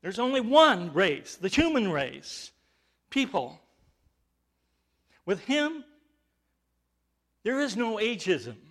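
A man's voice: sits high, very animated, slow pace, pauses often. A male pastor preaching a sermon, emphatic, with rhetorical questions and rising bursts of volume.

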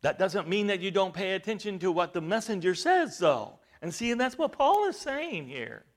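A man preaching a sermon, halting with fillers at times and then rising to loud, stressed points. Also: high voice, big pitch swings.

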